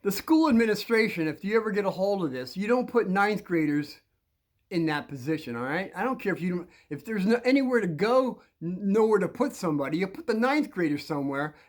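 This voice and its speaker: Animated older man telling a story. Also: sits high, brisk. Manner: rambling, animated, frequent restarts and laughs. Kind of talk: casual storytelling.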